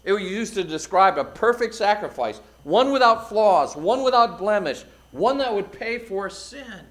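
A middle-aged man preaches from the pulpit in a fairly high voice. He pushes phrases out with force, then lets them sink to a near hush. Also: unhurried. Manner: expressive preaching, swelling loud then dropping quiet. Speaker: pastor. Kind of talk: sermon.

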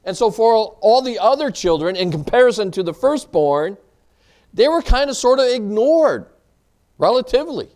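A man's voice: high-pitched, big pitch swings, moderate pace, darkish tone. A man preaching a conversational Bible-teaching sermon, posing rhetorical questions and answering them himself, with many casual asides. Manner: loose, chatty delivery with many "you know" asides.

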